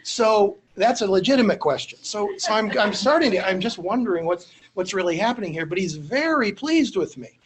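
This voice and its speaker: High-voiced man telling a story. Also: lively intonation, fairly quick, hardly any pauses, crowd noise. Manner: anecdotal, self-deprecating, frequent fillers and restarts. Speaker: university instructor. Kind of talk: storytelling lecture.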